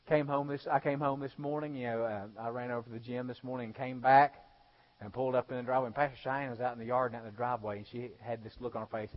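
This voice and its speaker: A male pastor preaching a sermon, swinging between loud exhortation and hushed storytelling. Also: mid-range voice, little pitch movement, fast talker. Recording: dull lo-fi sound.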